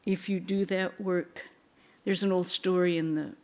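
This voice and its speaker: Slow, low-voiced woman giving a sermon. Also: little pitch movement. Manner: gentle storytelling with soft laughs and quiet asides. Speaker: nun giving a temple talk. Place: temple.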